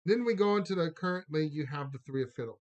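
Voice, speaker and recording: Chatty Cajun man, slightly high voice. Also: expressive, fast talker, a little mellow, dull audio. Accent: Cajun Louisiana. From Louisiana, Lafayette area. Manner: chatty, rambling, drawling "y'all", laughs often. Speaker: live-stream card reader. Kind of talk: casual live-stream chat and card reading.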